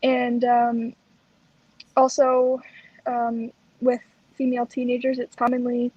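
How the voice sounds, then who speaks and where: A woman with a high, husky voice co-hosts a casual chat, telling her story with animation. The recording is dry and a little dull. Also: slow pace, dry recording. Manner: animated, acts out quoted lines. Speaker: co-host.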